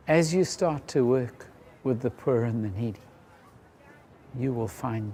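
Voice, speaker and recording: Earnest man with a mellow voice. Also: mid-range voice, a little slow, pauses often, a little hiss or hum. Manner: earnest, storytelling with acted quotes. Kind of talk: narration with a story.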